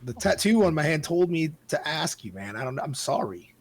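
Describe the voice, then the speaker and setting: A man playing a tabletop game, talking in a hesitant, halting way. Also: on the high side, sing-song. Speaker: player. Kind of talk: casual game chat.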